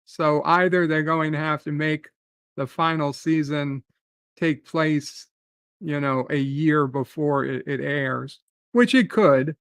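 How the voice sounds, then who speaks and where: Slow-talking, profane man ranting on a live stream. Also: on the high side, fairly bright tone, no echo. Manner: profane, rambling, reads out chat comments. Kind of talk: rambling live-stream rant.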